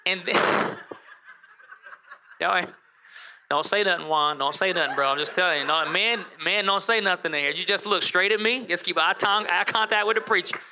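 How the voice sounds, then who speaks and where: Male pastor, sermon delivery, bright forceful voice, animated storyteller with playful asides. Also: high-pitched, moderate pace, slight background noise.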